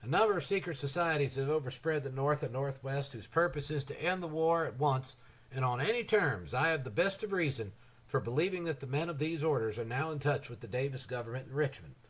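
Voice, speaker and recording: A man reading the lines of a weary, grave aging president in an audiobook of a historical novel, in an earnest, measured way. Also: mid-range voice, lively intonation, lightly acted.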